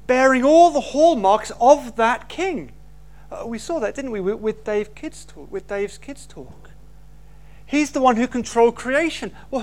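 A preacher, giving an emphatic sermon full of rhetorical questions. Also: high voice.

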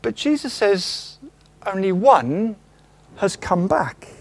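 A man's voice: high-pitched, slow pace, vocal fry. A man preaching a sermon, acting out quotes and asking the congregation questions. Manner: animated, acts out quotes, asks the congregation questions. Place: church.

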